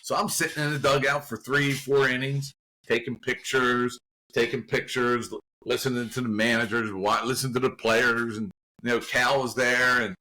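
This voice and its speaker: A man from the Baltimore area, a guest actor, telling an animated anecdote in casual conversation with bursts of laughter. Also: mid-range voice, low-quality recording. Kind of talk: casual storytelling.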